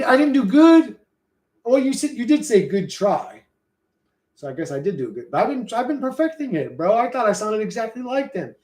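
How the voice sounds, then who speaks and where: A man's voice: extremely high pitch, very animated, moderate pace, darkish tone. A man streaming live, chatting loosely with his viewers in a rambling, profane, slangy way. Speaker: streamer reading and answering chat. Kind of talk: casual livestream chat. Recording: roomy echo.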